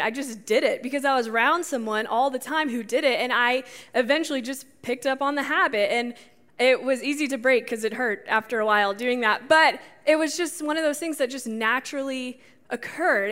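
A woman delivers a relaxed, conversational sermon in a high voice. She is animated and speaks directly to her listeners. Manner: animated, talks straight to the audience, laughs at her own slips. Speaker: youth speaker.

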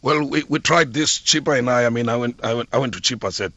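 A middle-aged South African man from the Eastern Cape, a former football club PR officer, telling stories in a radio interview with an animated, expressive delivery. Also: mid-range voice, quick pace, few pauses, no echo, dull audio.

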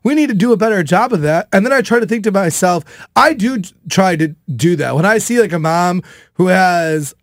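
Casting: man in his thirties, show host, high voice, loud animated storyteller, dry studio sound. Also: fairly quick, no room sound. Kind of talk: casual chat.

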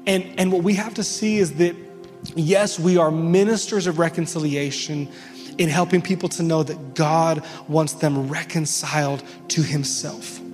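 Pastor guy preaching, kinda high voice, lots of restarts, echoey church hall w/ soft music under. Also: fairly even intonation, measured pace. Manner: earnest, emphatic, with frequent restarts. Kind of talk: sermon.

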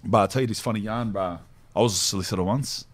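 A fast-talking man with a fairly low pitch and an Australian accent hosts a podcast. He tells stories casually, full of slang and laughter.

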